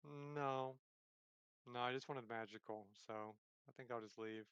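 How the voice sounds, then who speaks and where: A man playing a tabletop game, talking in character in a quiet, hesitant, casual way. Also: medium pitch, fairly even intonation, measured pace, clear, resonant tone, dry recording, dull audio. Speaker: player.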